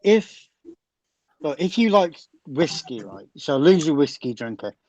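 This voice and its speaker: A man's voice: a little high, sing-song, measured pace, darkish tone, dry recording. Man, casual podcast chat, explains with examples, dry close sound.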